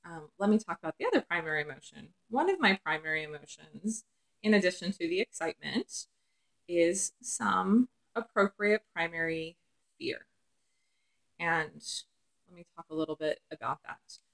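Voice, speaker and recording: Reflective woman therapist, low-pitched. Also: animated, normal speed, gravelly, a bit bright. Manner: reflective, with many "um" fillers. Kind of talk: casual talk to camera.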